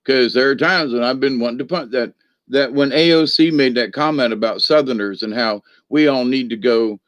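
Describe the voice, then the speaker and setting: A man's voice: medium pitch, moderate pace, no echo. A man hosting a rambling spiritual livestream in a folksy, feisty manner, laughing often and greeting viewers by name. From northern United States. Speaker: livestream host reading viewer comments.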